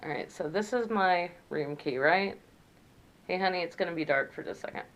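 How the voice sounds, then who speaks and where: A woman's voice: fairly low pitch, brisk, low-quality recording. An American woman vlogger in a hotel room, chatting casually and ramblingly about her travels through a camera mic, with lots of restarts and asides. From United States.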